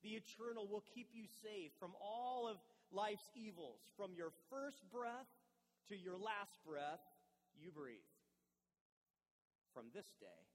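A man's voice: high voice, lively intonation, slow pace, slight background noise. A middle-aged man preaching a sermon in a conversational way, telling a family story and checking in with his listeners. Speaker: pastor. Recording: long reverb, faint ambience.

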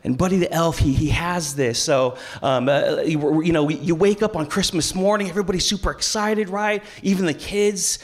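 High-voiced pastor hyping a crowd. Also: male voice, normal speed, hardly any pauses. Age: 30s. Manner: lively, playful crowd work with call-and-response. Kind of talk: family church service sermon. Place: large church auditorium.

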